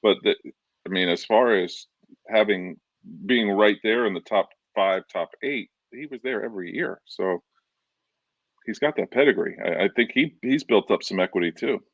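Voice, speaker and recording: A man with a very deep voice talks sports as a podcast co-host, earnest and often restarting his sentences. His sound is dull and dry, with no room around it. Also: normal speed, fairly bright tone, no echo. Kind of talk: casual sports talk.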